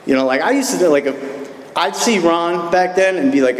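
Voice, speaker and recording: A man's voice: on the high side, expressive, brisk. Candid man telling his story in an echoey hall. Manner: candid, self-deprecating, joking storyteller. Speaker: recovery meeting speaker. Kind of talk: personal recovery story told to a live group. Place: meeting hall. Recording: echoey hall recording with faint room noise.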